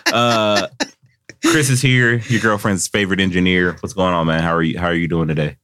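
A man's voice: sits low, steady tone, brisk, sharp tone, dry recording, clean studio sound. A man hosting a podcast in casual chat, joking and teasing his guests in a loose, slangy way. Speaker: podcast host.

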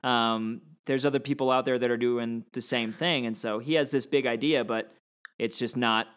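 A man in casual conversation about a film, relaxed and rambling, joking around. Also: medium pitch, normal speed, smooth. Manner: relaxed, rambling, jokes and tries out voices. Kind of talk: casual chat about a movie.

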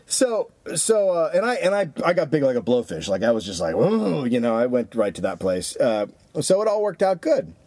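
Male podcast co-host, husky and animated, dry close recording. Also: medium pitch, a little fast, few pauses, dry recording. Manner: animated, profane, acts out quotes. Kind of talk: casual storytelling chat.

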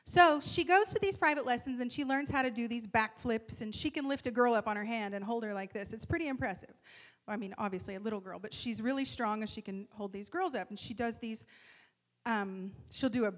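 High-voiced woman telling a funny story. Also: a little fast. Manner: animated, self-deprecating, laughs at her own jokes. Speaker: speaker at a church gathering. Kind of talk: humorous personal storytelling talk.

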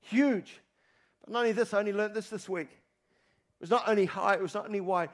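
A man preaching a sermon as pastor, animated and emphatic, repeating phrases for emphasis. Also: high voice, fairly quick, long pauses. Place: church.

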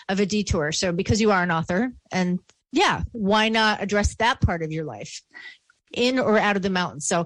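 A woman's voice: medium pitch, a bit bright, no echo. Upbeat woman with a Western New York accent. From Buffalo, New York. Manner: chatty and upbeat, running playful games. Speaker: podcast host. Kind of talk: casual conversational interview.

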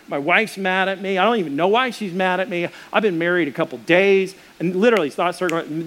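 Man, fairly high voice, pastor, sermon, animated self-deprecating storytelling. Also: fairly quick, hardly any pauses.

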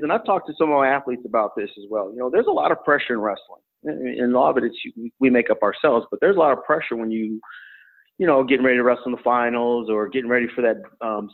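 A middle-aged man, a former college wrestler and coach, tells stories in an interview in a relaxed, rambling way with many fillers. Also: mid-range voice. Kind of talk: storytelling in an interview. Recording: tinny phone-like line.

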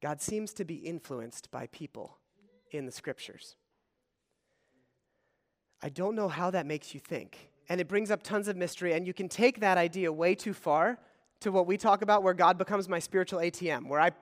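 High-voiced preacher in a reverberant hall. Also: male voice, a little fast. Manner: swings between loud emphatic reading and quiet asides. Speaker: pastor. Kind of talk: sermon.

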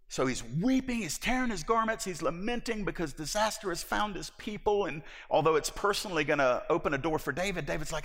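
A male pastor preaching a sermon in a lively, conversational way, with joking asides to the congregation, and he jumps into high, excited voices when he acts out a story. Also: brisk, hardly any pauses. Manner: animated, jumps into high voices acting out David. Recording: long reverb of a large hall.

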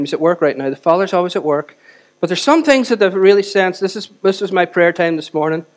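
A man preaching a sermon to a church congregation, swinging between loud exhortation and quiet, close moments, and often asking the audience rhetorical questions. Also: fairly high pitch. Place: church service.

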